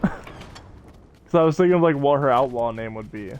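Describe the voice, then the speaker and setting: A man's voice: mid-range voice, animated, clear, resonant tone. A young man streaming a survival game, chatting casually to viewers and friends as he rambles from one joke to the next and laughs often. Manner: rambling, joking, quick to laugh. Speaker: gaming streamer. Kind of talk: casual live-stream chat while gaming.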